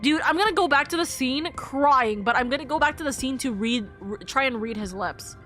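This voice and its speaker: High, bright-voiced gushing young woman streamer. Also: animated, fairly quick, faint music behind. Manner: gushing, emotional, rambling with many restarts. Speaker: streamer playing a story game. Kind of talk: casual live-stream commentary.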